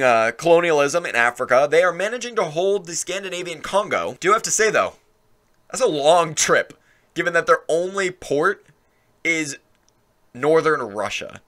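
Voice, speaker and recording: A man's voice: fairly high pitch, pushed and bright. A man commenting casually on a strategy game timelapse, amused and chatty, with chuckling asides. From Ireland.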